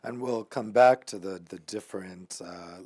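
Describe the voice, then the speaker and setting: A man's voice: on the low side, a little slow, darkish tone, dry recording. A man moderating a panel discussion, steering the talk and handing over to the next speaker.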